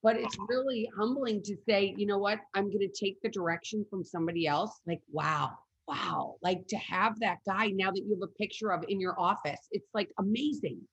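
A woman hosting a casual conversation, animated and swearing freely. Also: mid-range voice, normal speed, few pauses, slightly rough, highs cut off.

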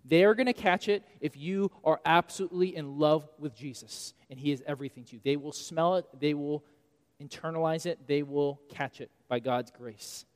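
A man in his thirties preaching a sermon as pastor, animated and swinging between loud and quiet for emphasis. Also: on the high side, a little fast. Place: church sanctuary. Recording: long reverb of a church hall.

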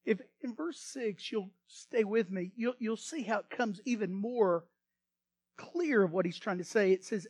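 A male pastor delivering a sermon in a high voice. He swings from loud, emphatic passages to quiet, hushed asides and has the congregation repeat lines after him. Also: a little slow. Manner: repeats words when starting phrases.

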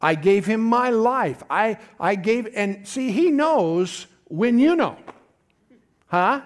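A man's voice: high voice, animated, slow. A middle-aged man preaching a folksy, conversational sermon, often calling out to his congregation.

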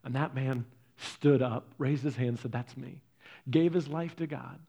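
A man preaching a sermon, telling stories earnestly, swinging from loud stresses to soft, hushed lines. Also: medium pitch, moderate pace, breathy edge. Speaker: pastor.

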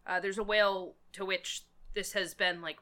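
Woman, bright, crisp tone, casual book-talk co-host, halting and full of ums as she recaps. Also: medium pitch, fairly even intonation. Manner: hesitant, many fillers while recapping. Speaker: podcast co-host discussing a novel.

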